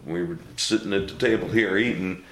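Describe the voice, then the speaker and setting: Guy with a real low voice telling stories in an interview, blunt, laughs a lot, roomy echo. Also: fairly quick. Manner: blunt, mild swearing. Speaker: interview guest. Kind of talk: casual storytelling.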